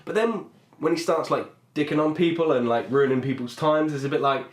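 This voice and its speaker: A man's voice: on the high side, brisk. A man, co-hosting a podcast, rambling and joking crudely in casual chat. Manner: rambling, laughs a lot, crude jokes. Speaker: podcast host. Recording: echoey room.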